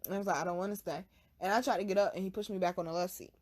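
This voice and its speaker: A woman hosting her own channel, telling a personal story to camera in blunt, profane street slang, hushed one moment and loud the next. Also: mid-range voice, fairly even intonation, very fast. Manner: swings from hushed to loud bursts. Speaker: channel host.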